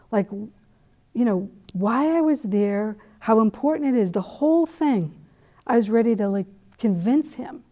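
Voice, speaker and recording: A middle-aged woman from New England giving a dharma talk, telling a personal story in a conversational, animated way with asides. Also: mid-range voice. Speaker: meditation teacher.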